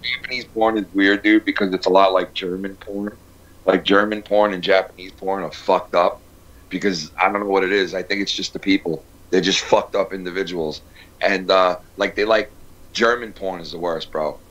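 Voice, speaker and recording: A man's voice: low voice, steady tone, normal speed, fairly bright tone. A man hosting a casual live show, rambling through crude stories and swearing constantly. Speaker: host. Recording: dull lo-fi stream audio.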